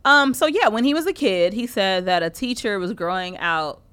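A woman's voice: medium pitch, normal speed, clear, resonant tone. A woman co-hosting a casual chat, telling stories with lots of laughter and swearing. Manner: laughing, swearing, animated storytelling. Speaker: podcast co-host.

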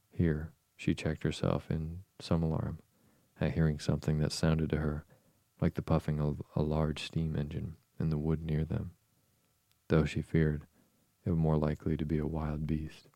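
A man reading a classic story aloud in a slow, soothing, measured bedtime voice as podcast host. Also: very deep voice, completely flat delivery, creaky, mellow, dry recording.

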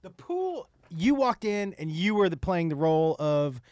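A man hosting a casual chat, interjecting with quick questions. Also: sits high, big pitch swings, darkish tone, no echo, clean studio sound.

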